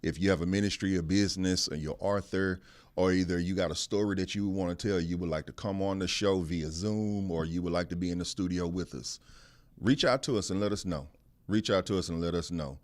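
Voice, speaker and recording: A man from Texas with a Texan accent hosting a podcast, emphatic, repeating his phrases and laughing loudly. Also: low voice, fairly quick. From Texas, USA. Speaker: podcast host. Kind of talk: casual podcast chat. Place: podcast studio.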